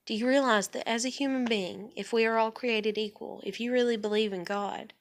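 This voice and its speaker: Woman vlogger, casual on-camera rant; blunt, swears freely, hammers her points home. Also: a little high. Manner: blunt, profane, emphatic venting.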